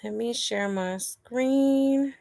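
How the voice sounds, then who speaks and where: Gossip host lady, chatty, slightly high voice, keeps saying honey and y'all. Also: extremely slow, gravelly, mellow. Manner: chatty, calls viewers y'all and honey, asks for likes. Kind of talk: celebrity gossip commentary.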